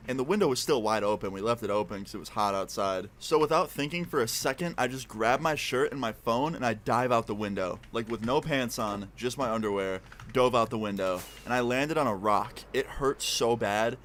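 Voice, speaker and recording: Casual animated young man storyteller. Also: mid-range voice, normal speed, few pauses, a little hiss or hum. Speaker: streamer. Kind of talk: storytime narration.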